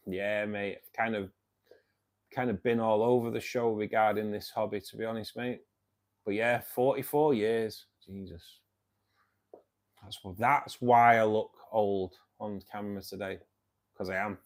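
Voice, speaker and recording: Chatty Mancunian man, low voice. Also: steady tone, unhurried. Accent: Mancunian English. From England, Manchester. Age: 50s. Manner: chatty and matey, keeps saying "mate". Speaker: livestream host of a fishkeeping club. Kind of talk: casual livestream chat answering viewers.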